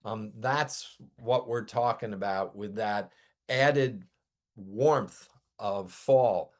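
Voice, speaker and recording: A man as a guest weather expert on a podcast, explaining conditions in a measured, informative way and citing station figures. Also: lowish voice. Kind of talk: conversational explanation.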